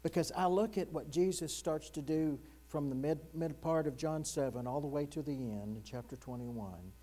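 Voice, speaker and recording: An earnest male pastor delivers a sermon with a mellow, warm tone, questioning his congregation directly. When he quotes verses he slows and sinks into a hushed near-whisper. A low mains hum runs under the recording.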